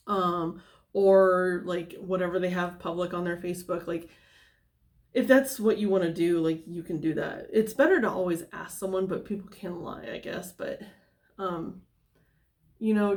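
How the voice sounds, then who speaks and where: A woman talks through a tarot reading in a loose, meandering monologue, with plenty of "like" and "um" as she goes. Her voice sits a little on the low side. She drifts off on tangents and then comes back to the cards. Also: a little mellow. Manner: rambling, many fillers and tangents. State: somewhat out of breath. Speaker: tarot reader.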